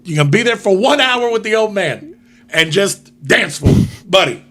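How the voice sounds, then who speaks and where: A man telling stories in casual podcast chat, animated and profane, dropping Spanish slang. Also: high voice, moderate pace, very noisy. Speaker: guest DJ. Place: podcast studio.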